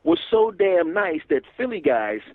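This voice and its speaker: A man, a comedian telling stories in an animated, profane way as a guest. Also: high voice, measured pace, no echo. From Philadelphia area, USA. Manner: animated, swearing, laughs often, acts out dialogue. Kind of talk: casual storytelling interview. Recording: dull lo-fi radio recording.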